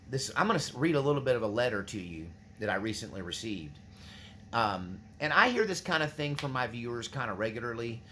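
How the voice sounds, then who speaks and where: A man's voice: mid-range voice, sharp tone, slight background noise. A man hosting his own channel, talking earnestly and rambling to his viewers. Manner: earnest, rambling, restarts often. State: choked up, near tears. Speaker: channel host. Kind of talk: casual monologue to viewers.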